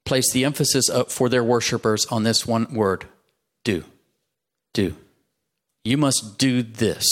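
A man preaches to his congregation at a middle pitch, emphatic and animated. He pushes key phrases and gets the room to say them back to him. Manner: emphatic, call-and-response with congregation. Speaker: pastor. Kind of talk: sermon.

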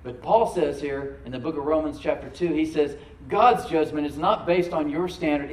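A man preaching from the pulpit in a somewhat high voice that rises to loud, emphatic peaks and drops to quiet asides. He calls on the congregation to repeat after him. The sound carries a roomy echo. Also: normal speed, few pauses, recorded from a distance. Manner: preaching with sudden loud surges and soft asides. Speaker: pastor. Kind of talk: sermon.

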